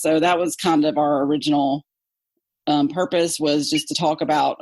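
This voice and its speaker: A woman with a Southern accent, an English teacher chatting in an interview, talkative and quick to laugh. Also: deep voice, steady tone, a little mellow, dry recording. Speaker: English teacher, podcast co-host guest. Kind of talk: casual interview chat.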